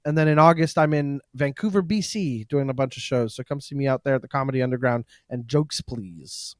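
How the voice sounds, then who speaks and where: A man's voice: mid-range voice, a little fast, no echo, studio quality. A comedian man in casual podcast chat, telling rambling, self-mocking stories. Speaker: comedian guest.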